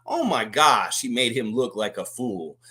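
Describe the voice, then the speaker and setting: A man's voice: medium pitch, unhurried. Man ranting heatedly, voice leaping around. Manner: excitable, emphatic. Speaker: host of a fan basketball show. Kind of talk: live sports preview rant.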